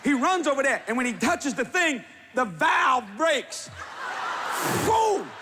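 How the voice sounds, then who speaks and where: A man preaching, telling a funny story with laughter and bursts of shouting. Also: extremely high pitch, measured pace. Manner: animated, laughing while telling, shouting at peaks. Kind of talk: humorous storytelling sermon. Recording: live audience with crowd noise.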